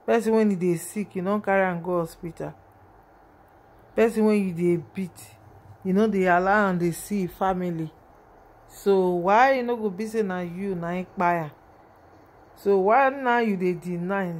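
A woman with a Nigerian accent talks her viewers through a video in loose, rambling commentary. Her voice sits at a middle pitch, and she sounds heavy with emotion as she keeps turning back to her audience. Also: normal speed. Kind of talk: casual commentary vlog.

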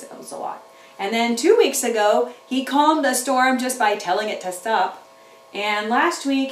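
Lively woman telling kids a Bible story. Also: a little high, slight background noise. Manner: animated, talks back to puppets. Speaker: children's church teacher. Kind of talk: Bible story for young children. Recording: roomy room, mic at a distance.

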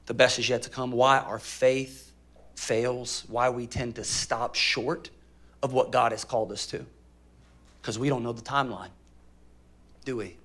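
A male pastor preaching a sermon to a live congregation, telling stories, acting out voices and firing questions at the room. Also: high voice. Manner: animated storytelling, acts out voices, asks congregation questions. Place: church auditorium with a live congregation.

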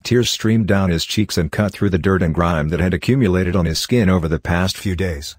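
A man reading a scripted horror story in a measured, even way. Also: deep voice, no room sound, studio quality. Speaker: narrator.

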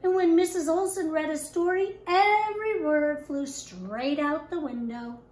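High, expressive woman reading aloud. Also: a little slow. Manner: expressive, animated storytelling. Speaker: kindergarten teacher. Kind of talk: reading a picture book aloud. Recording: echoey room.

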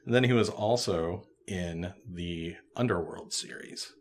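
A man's voice: low-pitched, unhurried, a little hiss or hum. A man co-hosting a podcast, recapping a TV episode in casual chat with dry, joking asides. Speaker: podcast co-host.

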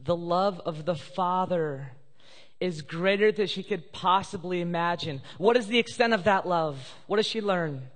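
A male pastor with a high, slightly bright voice preaches a sermon in a church sanctuary, telling a story with emotion and sometimes becoming tearful. The recording carries the reverb of a live church hall.

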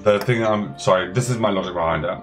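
A man's voice: fairly low pitch, fast. A man playing a tabletop role-playing game, talking earnestly and getting emotional about his character. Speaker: player. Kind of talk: tabletop role-play chat. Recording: music bed under voices.

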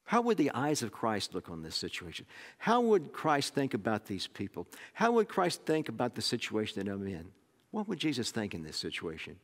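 A middle-aged man with an Oklahoma accent, preaching a sermon in a relaxed, conversational storytelling way that often restarts its phrases. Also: medium pitch. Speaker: pastor. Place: church sanctuary. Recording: long sanctuary reverb.

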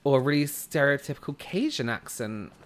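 Man, game streamer, from the UK, casual chat, very lively pitch, answers viewers. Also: brisk. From United Kingdom. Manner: chatty, answers viewer comments while playing.

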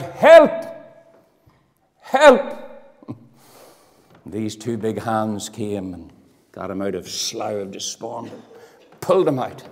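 A man from Northern Ireland preaching a sermon in a church hall, impassioned, swinging from loud declarations to hushed, quiet lines. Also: mid-range voice.

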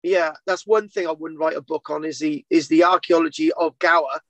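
A man's voice: a little high, fairly even intonation, a little fast, a bit bright, no echo, low-quality recording. A man, an archaeologist hosting a live stream, chatting casually and jokingly, often repeating words.

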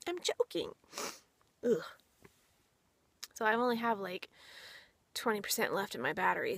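A woman vlogging casually at home, chatty and quick to giggle. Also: medium pitch, big pitch swings, vocal fry, fairly bright tone, slightly rough, no room sound. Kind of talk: casual home vlog chat.

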